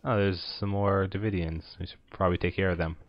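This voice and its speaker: A man's voice: low voice, fairly even intonation, brisk. A man hosting a let's play, giving casual, rambling commentary full of filler words over his game. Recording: dull lo-fi dry voice recording.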